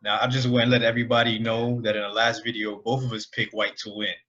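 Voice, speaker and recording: A man's voice: medium pitch, completely flat delivery, fast talker, a bit bright, dull audio. A man co-hosting a casual chat, chiming in briefly and plugging his social page. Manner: brief interjections, plugs his social media. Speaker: co-host. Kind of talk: casual fight recap chat.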